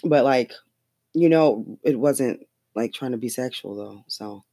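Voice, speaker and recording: A podcast host rambles through political gossip in a loose, profane way and breaks into laughter often. The voice sits at a middling pitch and is recorded close and dry, with no room sound. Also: a little slow, vocal fry, dark tone, dry recording. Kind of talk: casual political chat.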